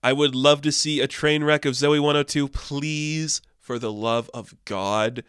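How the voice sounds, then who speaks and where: A young man hosting casual entertainment news commentary, animated and sarcastic, swinging between deadpan asides and excited outbursts. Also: on the high side, unhurried, smooth, dry recording, clean studio sound.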